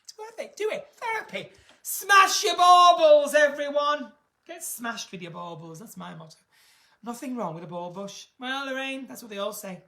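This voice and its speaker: A British woman chatting camply on a live stream from home, reading out viewer comments with big theatrical swings in pitch and loudness. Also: sing-song, fairly quick. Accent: British English. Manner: camp, theatrical, reads viewer comments aloud. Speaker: singer hosting a live stream.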